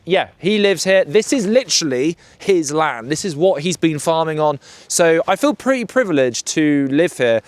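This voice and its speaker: A man's voice: on the high side, no room sound. A British man chatting to camera about his motorbike, jokey and full of slang and banter. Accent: British English. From United Kingdom. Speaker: motorbike vlogger. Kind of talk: casual chat to camera.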